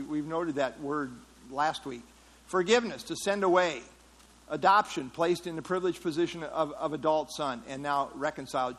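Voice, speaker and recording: A man's voice: fairly high pitch, fairly bright tone, low-quality recording. A man leading an interactive Bible study, explaining a passage in a conversational way and putting questions to the class. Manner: conversational, asks the class questions, frequent fillers. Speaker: Bible teacher.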